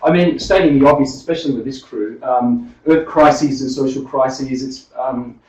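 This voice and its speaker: A man's voice: medium pitch, moderate pace, a little mellow. Australian-American accented man, seminar speaker, chatty with fillers, roomy hall, distant muffled recording. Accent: Australian drifting toward American. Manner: chatty, many fillers and restarts. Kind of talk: academic talk. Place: seminar room. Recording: roomy lecture hall from far off, dull.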